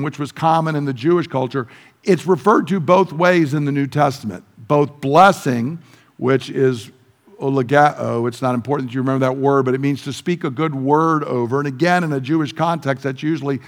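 A man teaching a sermon who explains the text step by step and briefly acts out the quoted dialogue. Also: a little high. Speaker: pastor. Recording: long hall reverb.

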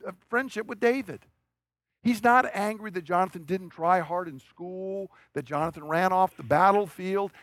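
A male preacher with a high-pitched voice delivers a sermon like a chat, telling the story and tossing out rhetorical questions. The sound is dry and close, with no room echo. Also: fairly bright tone.

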